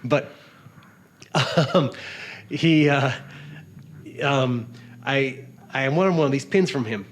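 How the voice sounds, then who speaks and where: A man from Canada, a travel writer, spins loose, animated stories as a podcast guest. He rambles, restarts, laughs along with himself and slips into quick voices for the people he quotes. His voice sits at an ordinary middle pitch. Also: slight background noise. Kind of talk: casual storytelling interview.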